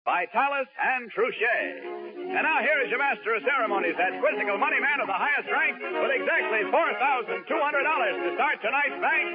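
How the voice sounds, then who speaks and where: High lively 1940s radio announcer man. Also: brisk. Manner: booming, salesy announcer delivery. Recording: dull lo-fi 1940s radio broadcast with music.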